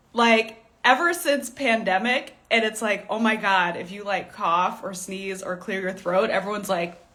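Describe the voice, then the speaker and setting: With a mid-range, sharp-toned voice, a young stylist offers casual live coaching to her stream. She's open and talkative, laughs a lot, leans on "like," and coughs often because of a tickle in her throat.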